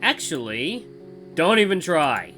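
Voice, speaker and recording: A man's voice: on the high side, big pitch swings, takes it slowly, pushed and bright, voice pushed up, heavily acted. A man voicing a responsible, stern teenage schoolboy who talks in a firm, protective way. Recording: faint guitar music behind.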